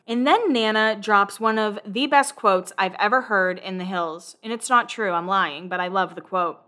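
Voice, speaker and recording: A woman hosting a casual recap chat, talking freely with plenty of swearing and quick laughs. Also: mid-range voice, pushed and bright. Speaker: podcast host recapping a reality show.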